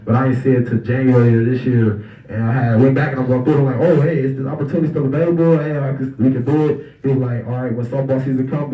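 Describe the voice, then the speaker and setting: Young man telling stories in a roomy hall. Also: medium pitch. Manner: relaxed and conversational, acting out quoted voices. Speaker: guest speaker at an awards banquet. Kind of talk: casual storytelling speech. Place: banquet hall. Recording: roomy, distant, dull hall recording.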